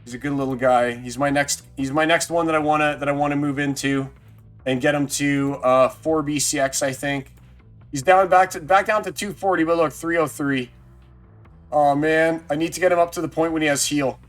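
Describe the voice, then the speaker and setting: A fairly high-voiced man chatting live with his viewers as he plays a card game. He thinks out loud, jumps into loud excited outbursts, and keeps up a running commentary. Faint music plays under his voice. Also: normal speed. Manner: excitable, talks to chat, thinks aloud. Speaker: game streamer. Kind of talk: casual live-stream chat.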